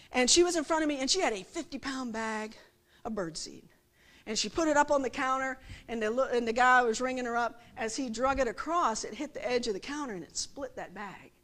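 A middle-aged woman with a high, fairly bright voice gives a conversational sermon at a church service. She often poses rhetorical questions to the audience and acts out quotes.

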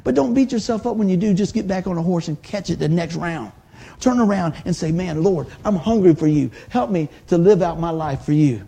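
Man, pastor, folksy conversational sermon, gravelly, dark mellow tone. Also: sits high.

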